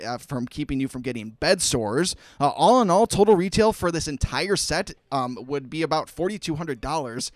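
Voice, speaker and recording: A man's voice: on the high side, lively intonation, normal speed, hardly any pauses, no room sound. A man co-hosting a local radio classifieds show in a studio, reading listings and phone numbers with playful, joking banter. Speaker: radio co-host.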